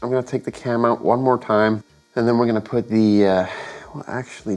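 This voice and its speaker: A home mechanic who hosts a channel talks through his engine work in his garage, his voice clearly affected by illness. He speaks fairly quickly in a medium-pitched, darkish voice with fairly even intonation, thinking aloud and correcting himself amid hesitant fillers.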